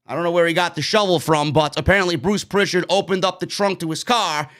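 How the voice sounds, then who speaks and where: A New York man hosts a casual live-stream wrestling review, recapping the show and then giving blunt, opinionated takes in a chatty way. His voice is high and a bit bright, and he talks fast.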